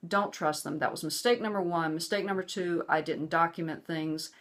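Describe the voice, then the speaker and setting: A woman's voice: low-pitched, fairly even intonation, moderate pace. A middle-aged woman telling a personal story to camera, earnest and emphatic, giving lecturing advice. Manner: acts out quoted voices, hushed and soothing or raised and angry. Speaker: vlogger.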